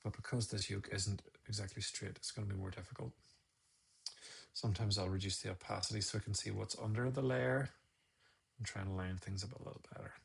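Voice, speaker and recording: His voice is lowish and slightly rough with vocal fry, fairly even in intonation and a little fast. He's a photographer teaching editing on a live stream, muttering through the process, scolding himself, and adding chatty asides.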